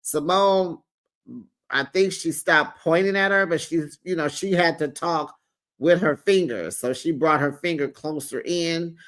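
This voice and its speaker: A man's voice: on the high side, normal speed, fairly bright tone. A man hosting a casual reality TV recap, talking in a sassy, playful gossip style full of slang asides.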